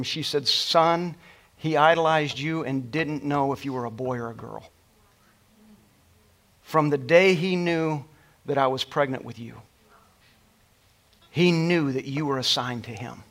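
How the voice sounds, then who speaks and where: A middle-aged man preaching, telling a family story from the pulpit with emotion and dropping to soft, quiet tones at tender moments. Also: mid-range voice, unhurried, long pauses. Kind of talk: sermon storytelling.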